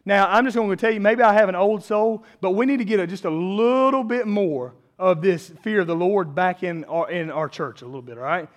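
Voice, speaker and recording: A man's voice: high voice, brisk, hardly any pauses. A man in his thirties preaching a sermon as a pastor, conversational and self-deprecating, building to emphatic peaks.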